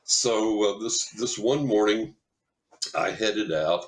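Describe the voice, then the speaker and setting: A man, a psychic medium guest on a podcast, telling a long personal story in an animated way and acting out what people said. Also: fairly low pitch, moderate pace. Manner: animated storyteller, acts out quoted voices. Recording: roomy echo.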